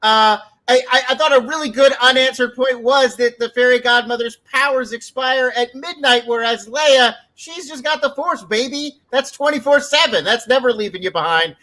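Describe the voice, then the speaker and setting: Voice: high-pitched, normal speed, hardly any pauses, sharp tone, rough recording. A judge on an improv comedy panel, weighing the two sides in a rambling, hesitant way with jokes mixed in. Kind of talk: casual chat.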